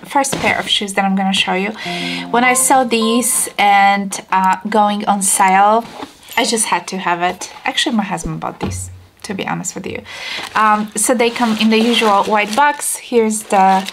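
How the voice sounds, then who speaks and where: Gushing woman showing off a shoe haul. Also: medium pitch. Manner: gushing, excitable, repeats herself. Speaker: fashion vlogger. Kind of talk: casual shoe haul chat.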